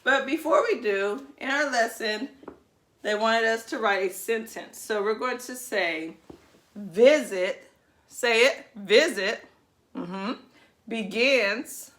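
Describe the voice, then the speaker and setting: A woman preschool teacher giving a video lesson to young children, talking in a sing-song, encouraging way. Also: on the high side.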